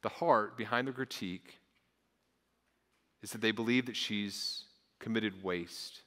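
Man, pastor, earnest sermon, stumbles over repeated words, bright tone, echoing hall. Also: on the low side, measured pace. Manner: earnest, repeats words, acts out voices of onlookers.

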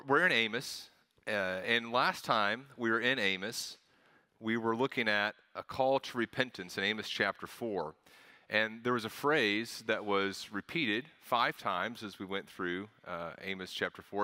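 Bright-voiced man preaching a sermon. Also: on the low side. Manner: relaxed, conversational with frequent fillers; slow, measured scripture reading. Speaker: pastor.

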